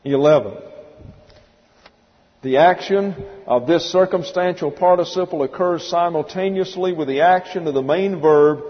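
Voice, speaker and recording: Emphatic preacher in an echoing church. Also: male voice, on the high side, unhurried. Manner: emphatic, drills word by word, spells out Greek terms. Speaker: pastor. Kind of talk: expository Bible teaching sermon. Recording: dull, long-reverb church hall recording.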